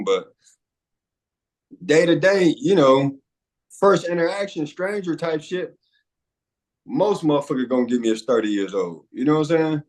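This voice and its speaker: A man in his late forties, a podcast co-host telling stories in casual chat, profane and animated, often breaking into laughter. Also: a little high, normal speed, long pauses, rough recording. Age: 40s.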